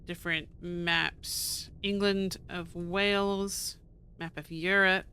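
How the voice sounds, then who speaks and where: A woman's voice: lowish voice, little pitch movement, slow, bright, forceful tone, smooth. A woman casually commenting while playing a puzzle game, thinking aloud, counting and reading notes. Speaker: gaming streamer.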